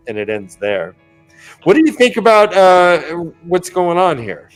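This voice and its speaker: A man's voice: high-pitched, very animated, clean tone, faint music behind. A man hosting a casual book podcast, playfully recapping chapters and acting out the scenes. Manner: playful recapper who acts out scenes in quick voices. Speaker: podcast host.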